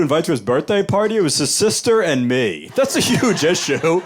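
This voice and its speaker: Animated stand-up comedian, man, lively pitch. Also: a little fast, few pauses. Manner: loose conversational delivery, animated voices for quoted people. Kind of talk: live stand-up set. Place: small club stage with live audience.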